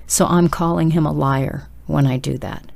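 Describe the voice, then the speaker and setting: Low, gravelly-voiced woman preaching urgently. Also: steady tone, moderate pace, darkish tone. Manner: urgent, emphatic exhortation addressed straight to listeners. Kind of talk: sermon.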